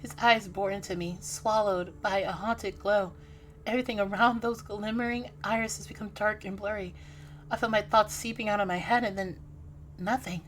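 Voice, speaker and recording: A woman streamer reading a game's story aloud, animated and breaking off with startled exclamations. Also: mid-range voice, slight background noise.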